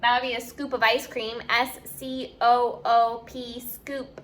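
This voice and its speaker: A woman teacher leads an online spelling lesson, sounding words out and spelling them letter by letter. Her voice is bright and a little high, and she speaks at a slow, patient pace. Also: level tone, a little hiss or hum.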